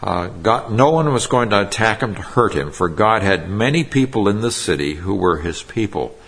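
A middle-aged male pastor delivers a sermon in a low, husky voice. He slows down to explain Greek verb forms and repeats the key phrases for emphasis. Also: animated, fairly bright tone.

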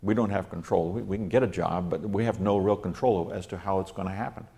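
A man with a very low, deep voice leads a Bible study verse by verse. He reads the old scripture wording aloud, then stops to unpack the Hebrew grammar behind it in a scholarly, unhurried manner. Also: steady tone, vocal fry, mellow. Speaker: Bible teacher.

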